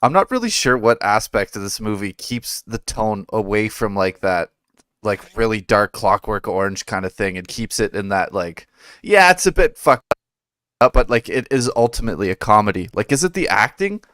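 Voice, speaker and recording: A man's voice: on the low side, lively intonation, moderate pace, a bit bright, clean tone, dry recording, clean studio sound. A man on a movie panel, talking hesitantly and searching for words. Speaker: panel guest. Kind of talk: casual movie discussion.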